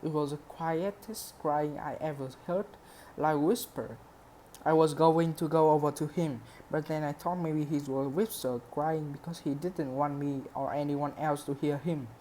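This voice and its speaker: A woman's voice: low-pitched, fairly even intonation, measured pace, mellow, a little hiss or hum. A woman reading a novel aloud steadily, with a few small slips. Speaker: reader.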